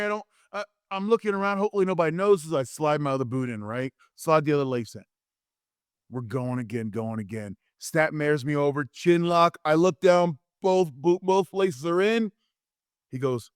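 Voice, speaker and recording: A man in his fifties, a former wrestler and interview guest, telling lively anecdotes and acting out quotes with frequent restarts. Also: fairly high pitch, moderate pace, clean tone, no echo, studio quality. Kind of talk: animated storytelling in a podcast interview.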